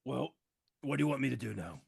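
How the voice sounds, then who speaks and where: Male player, husky and animated, stern in-character questioning. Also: mid-range voice, fast talker, no echo, clean studio sound. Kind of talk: in-character tabletop play.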